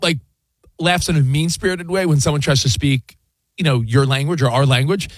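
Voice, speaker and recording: Radio guy hosting, kinda high voice, rambles and riffs, dry close studio sound. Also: normal speed, dry recording. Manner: animated, rambling, with lots of fillers and sound effects. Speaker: sports radio host. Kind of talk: casual radio banter. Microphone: studio mic.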